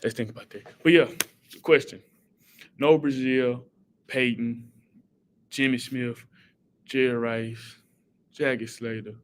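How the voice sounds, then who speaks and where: A man hosting a casual live stream, reading viewer comments aloud and giving shout-outs in an animated way. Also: mid-range voice, unhurried, long pauses, slight background noise.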